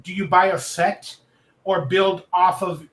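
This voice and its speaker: Earnest male guest, high and bright, rambling, in an echoey room. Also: fairly even intonation, a little slow. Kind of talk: casual interview chat.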